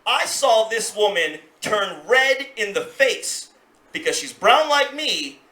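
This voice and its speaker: A man's voice: high-pitched, slow. A man doing stand-up comedy, telling a story and acting out its voices, with crowd laughter in a club. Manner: animated, acts out voices, laughs along with crowd. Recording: roomy club live recording. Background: audience laughter.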